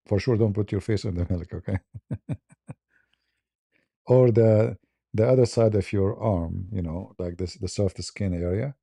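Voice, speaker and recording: Gravelly dark-voiced man chuckling through a story. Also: on the low side, unhurried, long pauses, dry recording. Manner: chuckling, broken English, many restarts. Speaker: host. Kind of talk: casual storytelling on a live stream.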